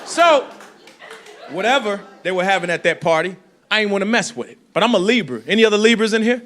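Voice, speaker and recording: A man doing a loud, animated stand-up set, full of sound effects and put-on voices. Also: high-pitched, fast. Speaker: stand-up comedian. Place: comedy club stage. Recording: live club with crowd laughter.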